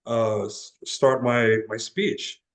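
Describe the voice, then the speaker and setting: Slow and fairly even in intonation, a young man from Laredo, Texas, USA, speaks in a medium pitch as an interview guest and transformational guide. His personal story comes out earnest and casual, with frequent restarts and repeated words, on a rough recording.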